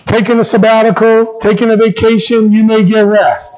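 A man's voice: sits high, level tone, normal speed, a little mellow, dull audio, slight background noise. A man preaching a sermon as a pastor, asking the congregation questions and repeating his key phrases.

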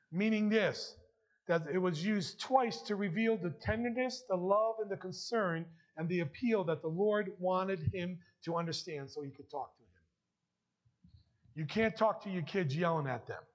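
A man preaching a sermon as pastor, emphatic and rising to loud bursts. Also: sits high, measured pace. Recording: dull lo-fi sound.

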